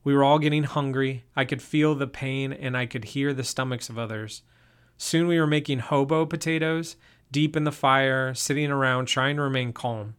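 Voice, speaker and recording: A man narrating a first-person story in an even, steady reading voice. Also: medium pitch, moderate pace, smooth.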